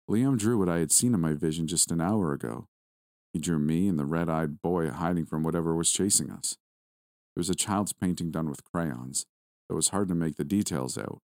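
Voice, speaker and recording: A man narrating a first-person horror story in a steady, measured reading voice. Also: low voice, no room sound, clean studio sound.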